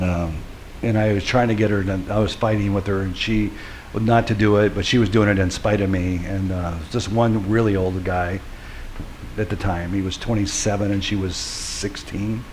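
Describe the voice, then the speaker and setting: A man's voice: fairly low pitch, steady tone, moderate pace, slight background noise. Middle-aged male pastor preaching earnestly. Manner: earnest personal storytelling that builds to forceful preaching. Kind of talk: sermon.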